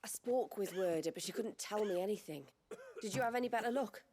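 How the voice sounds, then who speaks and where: An actress playing a worried healer in a video game, earnest and pleading. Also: female voice, mid-range voice, fairly quick, darkish tone, a little hiss or hum, close to an everyday voice. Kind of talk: game voice acting.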